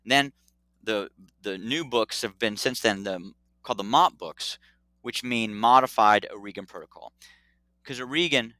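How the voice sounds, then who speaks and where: A middle-aged man tells the story of his medical work in an easy, animated way, slipping into quick dialogue. His voice sits a bit low but sounds bright, and it is recorded close and dry. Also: dry recording. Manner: animated, acts out dialogue, laughs often. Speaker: pediatric urologist guest. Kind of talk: casual storytelling interview.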